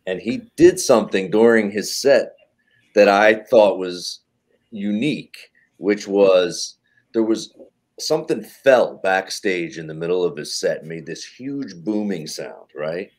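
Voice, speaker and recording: Low-voiced man telling a comedy story. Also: a little slow. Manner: animated anecdote telling with swearing and acted quotes. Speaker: comedian guest. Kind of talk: casual storytelling on a podcast.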